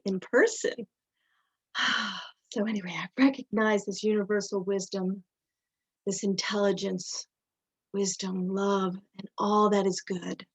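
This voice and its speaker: A woman leading a spiritual service over a video call, speaking gently and soothingly with soft sighs, and reciting an affirmative prayer. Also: mid-range voice, no echo. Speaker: service leader at a spiritual center. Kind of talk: opening remarks and affirmative prayer. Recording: slightly muffled video call audio.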